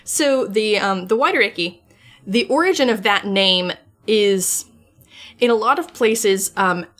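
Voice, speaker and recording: A woman's voice: medium pitch, a little slow, fairly bright tone. Woman podcast co-host, casual, chatty, laughs easily. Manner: chatty, lots of "like" fillers, laughs often. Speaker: amateur folklorist. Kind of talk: casual chat.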